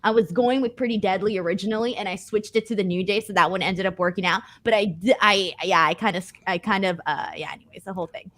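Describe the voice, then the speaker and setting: A woman hosting a casual wrestling talk show, chatty and quick to laugh, reading viewer messages aloud. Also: mid-range voice, fairly bright tone. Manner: chatty, laughs easily, self-correcting. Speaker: host. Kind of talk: casual chat, reading super chats aloud.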